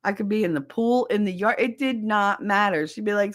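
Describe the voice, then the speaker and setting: A middle-aged woman hosting a livestream podcast, chatting casually with viewers and telling animated stories with frequent swearing. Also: medium pitch, a little fast, few pauses. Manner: animated storyteller who swears freely.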